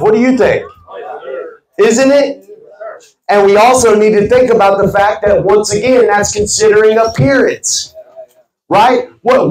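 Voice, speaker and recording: A man giving a motivational talk to a sales team, stressing his words with an emphatic, preacherly cadence. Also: high voice. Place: team meeting room. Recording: echoey meeting room.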